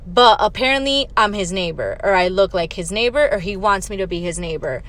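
A young woman hosting her own podcast, telling a story as a casual rant in a blunt, profane and exasperated way, rushing ahead and then dropping into low muttered asides. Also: animated, a bit bright. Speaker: podcast host.

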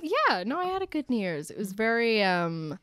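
A woman's voice: fairly high pitch, big pitch swings, normal speed, fairly bright tone, clean tone, no echo, studio quality. A young woman from New Jersey, a guest in a casual interview, chatty with many fillers and laughs.

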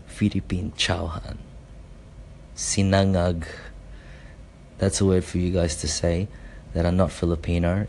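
A man who is a father chatting casually to his listeners, rambling with frequent fillers and quick asides. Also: sits low, gravelly, darkish tone, slight background noise. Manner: rambling, laughing, many fillers. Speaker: podcast host and father. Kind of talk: casual chat.

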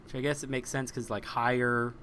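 A man's voice: mid-range voice, level tone, brisk, sharp tone, slight background noise. A man co-hosting a podcast in casual, rambling chat, joking as he restarts his sentences. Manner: rambling, jokey, restarts often. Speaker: podcast co-host.

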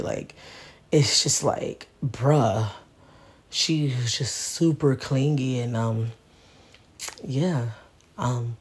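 A woman's voice: low voice, darkish tone, husky. A tired mother hosting her own podcast, venting in a casual, profane monologue and often asking listeners if they get what she means. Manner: profane, frustrated, keeps asking "you know what I mean".

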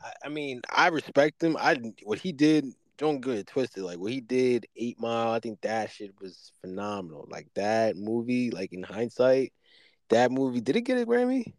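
Male podcast co-host, mid-pitched, excitable and rambling, in a dry, dead room. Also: normal speed, dry recording. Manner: animated, rambling, excitable with sudden high jumps. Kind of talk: casual debate chat.

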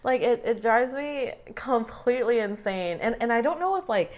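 Young woman, host of a casual panel, animated with a wide-ranging voice. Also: on the high side, normal speed. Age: young adult. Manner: animated, laughing, says "like" a lot. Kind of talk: casual group discussion.

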